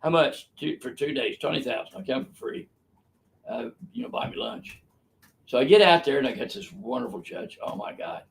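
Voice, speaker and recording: Older male doctor hosting a webinar, gravelly, slightly high voice, blunt and emphatic. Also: very animated, normal speed. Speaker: physician host answering viewer questions. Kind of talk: live webinar storytelling. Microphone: live webinar microphone.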